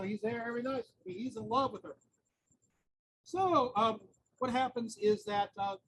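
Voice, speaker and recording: A man with a strikingly high, gravelly voice retells an old myth as a lecture, chatting casually and dropping joking asides. He speaks outdoors, with faint traffic hum behind him. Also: poor audio. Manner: chatty retelling with humorous asides and filler words. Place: outdoors near a busy street corner. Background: faint traffic noise.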